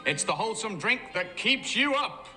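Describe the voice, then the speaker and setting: A man's voice: high voice, big pitch swings, moderate pace, music in the background. A man playing a sly teenage gang leader in a parody milk commercial, with a mock-wholesome manner. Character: male teen gang leader pitching milk.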